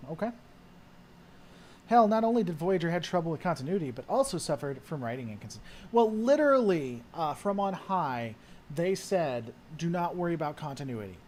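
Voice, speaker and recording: A man's voice: a little high, a little mellow, a little hiss or hum. A man hosting a casual chat, answering viewer questions in a rambling way with lots of fillers. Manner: rambling, with frequent fillers and trailing thoughts. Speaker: host.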